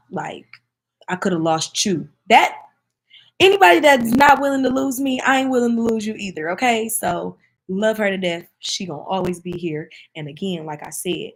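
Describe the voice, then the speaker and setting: Emphatic, heartfelt woman vlogger. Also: medium pitch. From Michigan. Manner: emphatic, heartfelt, talks straight to viewers. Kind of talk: casual to-camera chat.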